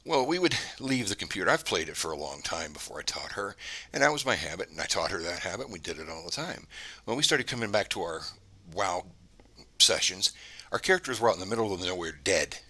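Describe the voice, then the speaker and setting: A man speaks in a low, husky voice with a sharp, edgy tone. He tells a story to camera in a casual, rambling way, doubling back and restarting his sentences as he goes. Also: animated, fairly quick. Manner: meandering, conversational, many restarts. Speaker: channel host.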